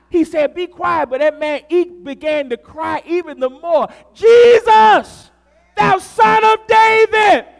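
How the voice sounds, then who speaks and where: Man, pastor, high voice, rhythmic preaching, shouted refrains. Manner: rhythmic preaching, rising to shouts on key phrases. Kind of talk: sermon.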